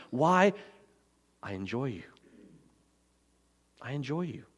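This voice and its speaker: Pastor, man, mid-pitched voice: earnest, emphatic sermon delivery with slow repetition. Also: animated, darkish tone. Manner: earnest, emphatic, repeats key phrases slowly.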